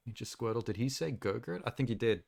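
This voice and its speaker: A man's voice: mid-range voice, animated, fast, vocal fry, darkish tone. A man streaming from home, chatting casually and rambling through his reactions with frequent laughter. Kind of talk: casual live-stream chat.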